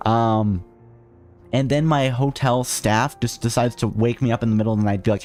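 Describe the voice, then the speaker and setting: A man's voice: mid-range voice, moderate pace, a little mellow, soft background music. A man streaming a video game, joking and ranting sarcastically while reading the on-screen text aloud. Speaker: VTuber streamer. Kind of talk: casual let's-play commentary.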